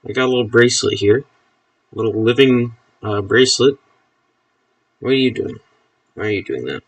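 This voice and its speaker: A man's voice: mid-range voice, normal speed, no echo, far from the mic, lo-fi sound. A man chatting casually on a live stream, amused, talking to his pet snake as he handles it.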